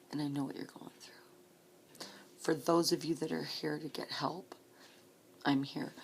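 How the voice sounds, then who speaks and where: A woman in her late forties speaking slowly and softly in a personal vlog, often close to a whisper, holding back tears. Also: deep voice, gravelly, slight background noise. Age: 40s. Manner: slow, soft-spoken, often near a whisper, earnest. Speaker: vlogger.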